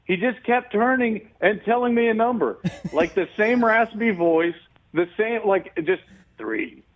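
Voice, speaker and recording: A man, a guest sports analyst, telling a story in an animated way and laughing as he goes. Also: sits high, unhurried, highs cut off. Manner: laughs through his story.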